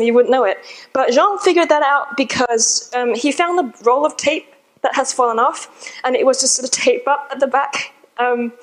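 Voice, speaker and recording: A woman's voice: high-pitched, poor audio. A woman giving a talk to a live audience, telling a story in a chatty, informal way. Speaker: conference speaker. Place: in front of a seated audience.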